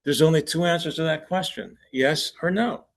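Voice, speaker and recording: A conference presenter whose voice sits on the high side speaks at normal speed, giving an anecdotal lecture at a forum. He talks loosely, restarting sentences, and laughs at his own punchlines.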